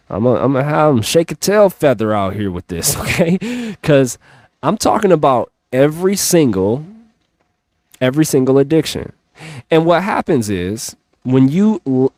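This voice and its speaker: A man's voice: medium pitch, darkish tone, no room sound. A man giving an earnest, emphatic motivational talk, stretching out his phrases. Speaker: motivational speaker.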